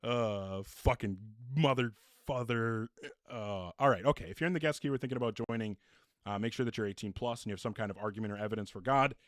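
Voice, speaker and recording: A man's voice: on the low side, fast, dry recording, clean studio sound. A man hosting a live call-in debate stream, bluntly questioning callers and restating their premises.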